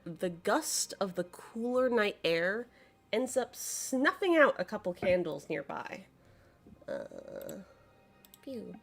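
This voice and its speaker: Acting as game master, a woman with a medium-pitched voice narrates a tabletop game. She's relaxed and hesitant, using lots of fillers.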